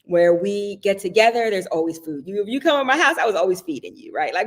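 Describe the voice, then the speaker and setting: Her medium-pitched voice is animated and quick as this Southern US woman hosts a casual live stream. She talks in a personal, chatty manner, often laughing and asking viewers "right?"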